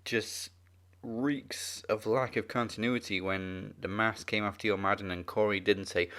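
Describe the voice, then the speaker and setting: A man's voice: lowish voice, fairly even intonation, a little slow, sharp tone, slight background noise. A man co-hosting a casual wrestling podcast, dry and blunt. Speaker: podcast co-host.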